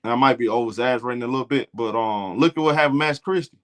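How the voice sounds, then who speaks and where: A man's voice: mid-range voice, very fast. A man from Alabama with a Southern accent, streaming casual live game talk in a blunt, profane, trash-talking way. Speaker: sports streamer.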